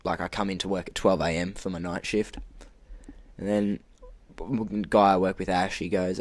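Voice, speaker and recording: A young man telling an animated work story on a podcast, acting out quotes and laughing often. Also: low voice, moderate pace. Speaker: podcast co-host. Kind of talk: casual storytelling.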